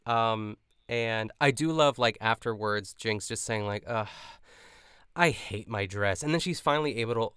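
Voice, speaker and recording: Young guy cohosting a recap podcast, lowish smooth voice, really dry sound, rambles chattily. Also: moderate pace, fairly bright tone, no room sound. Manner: chatty, lots of fillers, quotes others. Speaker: podcast co-host. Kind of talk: casual recap chat.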